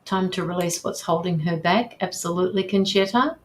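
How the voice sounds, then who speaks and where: A female tarot reader on a livestream reads viewer comments aloud and reassures the sitter, peppering her speech with ums and restarts. Her voice is lowish and brisk, with slight background noise.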